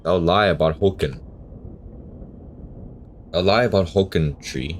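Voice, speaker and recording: A man's voice: sits low, a little slow, a little hiss or hum. A man voicing archaic-speaking cursed tree folk, reading game dialogue aloud in a mock old-fashioned thee-and-thou manner. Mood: dramatic.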